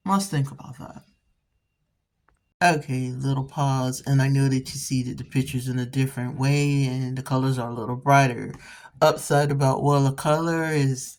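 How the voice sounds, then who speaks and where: A woman hosting an art channel, chatting casually while painting and rambling through stories with frequent restarts. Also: a bass voice.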